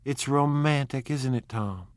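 Man doing a gushing young society woman, breathy, lilting, raised voice, dry sound. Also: mid-range voice, a little slow, darkish tone, no room sound, voice pushed up, close to an everyday voice. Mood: gay.

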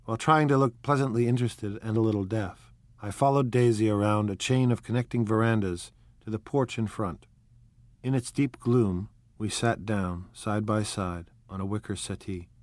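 A man narrating an audiobook in a measured, soft-spoken, reflective way. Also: fairly low pitch, dry recording. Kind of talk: scripted narration.

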